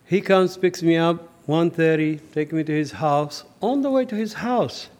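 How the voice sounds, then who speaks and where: Man, testimony, slightly high voice, vivid storyteller, acts out dialogue, earnest. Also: slight background noise. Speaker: speaker giving a personal testimony.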